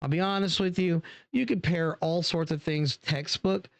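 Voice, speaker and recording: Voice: mid-range voice, normal speed, vocal fry, no room sound. Wine reviewer, casual tasting talk, chatty, lots of ums, dead dry sound. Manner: chatty and relaxed, many fillers, talks straight to viewers.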